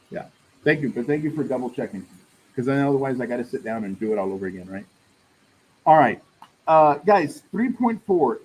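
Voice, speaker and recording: A man's voice: mid-range voice, breathy edge, rough recording. A man teaching a math class in a casual, chatty way, often checking in with the room. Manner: casual, addresses class as y'all, checks in with "right?". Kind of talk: classroom lecture.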